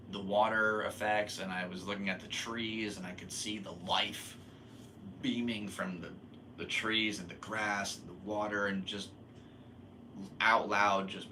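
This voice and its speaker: A man's voice: lowish voice, pushed and bright, a little hiss or hum. A young man hosting a podcast, telling a long story in a rambling, laid-back way and laughing at himself. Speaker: podcast host. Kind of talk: casual storytelling monologue.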